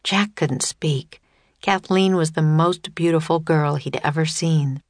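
A woman reads a children's storybook aloud with a clear, steady storytelling delivery. Her voice is on the low side and recorded very dry and close. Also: unhurried, no room sound. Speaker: audiobook narrator. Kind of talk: scripted storybook narration.

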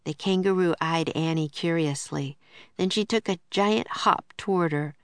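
A woman reading a children's book aloud in a clear, steady storytelling voice. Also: on the low side, unhurried, no echo. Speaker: narrator.

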